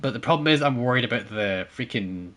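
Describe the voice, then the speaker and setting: A young man calling out a live naval video game match on stream, bouncing between plays and chatter with his viewers. His voice is bright and lively, swinging up and down as he reacts, full of jokes. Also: medium pitch, fast talker. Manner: animated, jokey, talks to chat. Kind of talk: live gameplay commentary.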